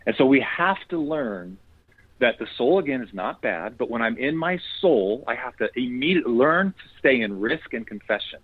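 A man's voice: medium pitch, animated, moderate pace, slightly rough, dry recording. A man speaking as a guest in a faith conversation, earnest and preacherly, quoting scripture as he explains. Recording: tinny phone line, dry.

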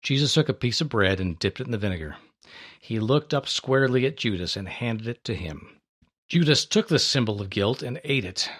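A man's voice: medium pitch, lively intonation, fairly quick, fairly bright tone, husky. A man hosting a listener-supported radio ministry, reading a donation appeal and a Bible paraphrase.

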